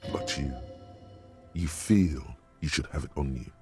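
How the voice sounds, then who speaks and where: An actor voicing a brooding male inner-voice narrator in a detective video game, speaking in a slow, ominous, poetic way. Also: rumbling low, darkish tone, faint music behind.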